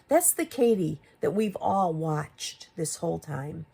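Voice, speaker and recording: A commentary YouTuber with a deep, gravelly, warm, husky voice speaks slowly but with big pitch swings. She challenges another creator with rhetorical questions, escalating to exasperated emphasis.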